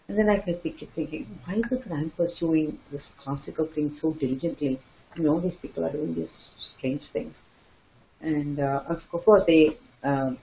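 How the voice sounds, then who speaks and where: A woman's voice: deep voice, muffled recording. Older woman telling stories. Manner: animated, laughing, acts out quoted voices. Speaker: dance teacher and guest. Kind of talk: storytelling interview answers.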